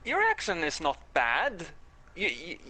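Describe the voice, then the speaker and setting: A man's voice: sits high, wildly swooping pitch, measured pace, sharp tone. A man co-hosting a podcast in casual chat, making wry remarks and stammering at times. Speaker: podcast co-host.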